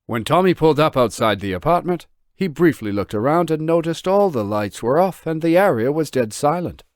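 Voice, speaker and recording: With a slightly high voice and a fairly quick pace, an author narrates his novel as an audiobook, expressive throughout and voicing the dialogue. The recording is dry and of studio quality.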